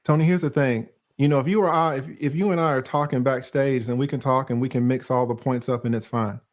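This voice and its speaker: A man hosting a legal commentary live stream, calm and measured as he explains himself. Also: mid-range voice.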